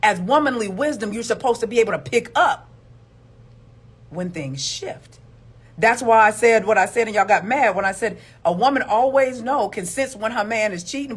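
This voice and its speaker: A woman's voice: fairly high pitch, breathy edge. A woman giving emphatic, preachy commentary on relationships, repeating words for stress. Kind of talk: opinionated video commentary.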